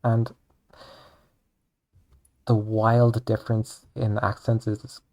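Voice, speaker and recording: Young adult, Irish accent, streamer chatting while drawing, rambling, lots of "like", creaky voice. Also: medium pitch, little pitch movement, slow, darkish tone. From Ireland. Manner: rambling, chatty, says "like" often. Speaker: streamer and artist. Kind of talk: casual chat while drawing.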